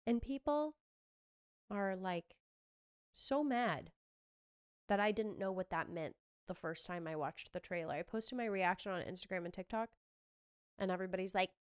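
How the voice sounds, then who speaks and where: Gushing woman podcast host, smooth and bright. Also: mid-range voice. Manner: gushing, excitable, quick asides. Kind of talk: casual chat recapping a trailer.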